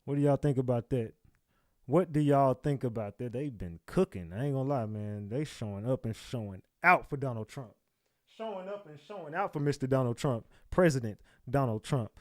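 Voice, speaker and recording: A man's voice: medium pitch, normal speed, darkish tone, no room sound, studio quality. Slangy man hosting a live stream. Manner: hypes the chat, slangy and repetitive. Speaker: livestream news host. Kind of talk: casual live-stream commentary.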